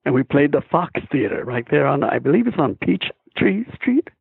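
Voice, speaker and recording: Gravelly man on a tinny phone line. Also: a little high, moderate pace, dry recording. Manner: animated, chuckling storyteller. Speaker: actor, interview guest. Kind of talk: storytelling in a phone interview.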